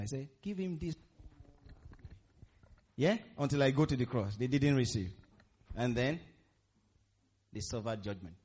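A man's voice: mid-range voice, darkish tone, muffled recording. A man preaching a sermon to a congregation, asking the room questions and repeating key phrases for emphasis. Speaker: pastor. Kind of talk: interactive sermon.

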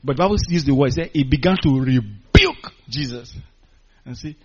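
A man preaching a sermon, animated and calling out to his congregation, chuckling between points. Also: medium pitch, moderate pace. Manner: animated, call-and-response with congregation. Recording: dull lo-fi recording.

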